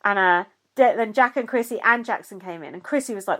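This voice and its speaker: A woman co-hosting a casual chat, retelling events in an animated way with plenty of "like" and swearing. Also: mid-range voice, fairly quick. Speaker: podcast co-host recapping a reality show.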